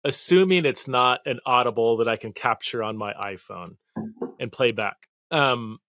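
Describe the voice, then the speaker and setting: A man's voice: medium pitch, normal speed, a bit bright, no echo. A man hosting a podcast interview, thoughtful and a little hesitant as he asks questions. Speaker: podcast host.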